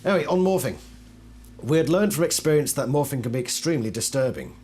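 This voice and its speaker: A man hosts a casual video, reading card texts aloud in a mid-range voice. He keeps breaking in with wry, doubtful asides that drop into quiet mutters. A faint hum sits under the recording. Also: medium pitch, animated, fast talker. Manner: wry, skeptical asides between read-out passages; laughs and trails off into quiet mutters. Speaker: channel host reviewing collectible cards.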